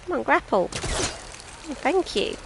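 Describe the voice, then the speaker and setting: A woman's voice: high voice, big pitch swings, slow pace, vocal fry, background noise. A British woman chatting and rambling casually as she streams a video game, often poking fun at herself. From Britain. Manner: chatty, rambling and self-mocking. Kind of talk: casual gameplay commentary.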